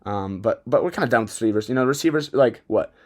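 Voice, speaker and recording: A young man hosting a fantasy football podcast, talking in a rambling, excitable way and often stumbling over his words. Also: mid-range voice, quick pace. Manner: rambling, self-interrupting, excitable. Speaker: podcast host. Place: Bozeman, Montana.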